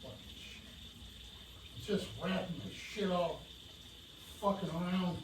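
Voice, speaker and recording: A man's voice: high voice, fairly even intonation, unhurried. A man building model train benchwork mutters, grunts and curses to himself while he works, out of breath. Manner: grumbling, cursing, grunting with effort. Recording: roomy, distant mic, noisy background.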